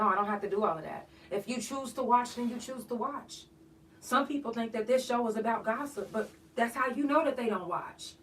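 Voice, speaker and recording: A woman's voice: a little high, fairly bright tone, slight background noise. A woman hosting a podcast, ranting bluntly and profanely in an emphatic, outspoken monologue. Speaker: podcast host. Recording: voice a bit far from the mic.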